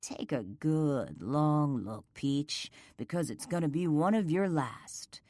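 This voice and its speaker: A woman narrator voicing a smug, cruel male outlaw gang boss who speaks with a slow, calm, taunting drawl. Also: deep voice, no echo, clean studio sound.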